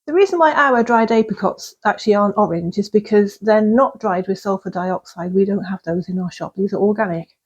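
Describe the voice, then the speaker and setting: Chatty woman vlogger, slightly husky, casual kitchen talk, rambling and easygoing. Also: medium pitch, a little mellow, lo-fi sound. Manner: chatty and rambling, with fillers and small laughs. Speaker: vlogger baking at home. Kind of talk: casual cooking vlog chat. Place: cottage kitchen.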